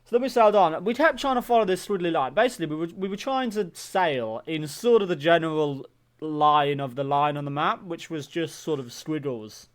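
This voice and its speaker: A British man co-hosting a comedy podcast, dropping dry deadpan asides into an improvised story. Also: a little high, fairly quick. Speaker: podcast co-host. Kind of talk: casual improvised comedy chat.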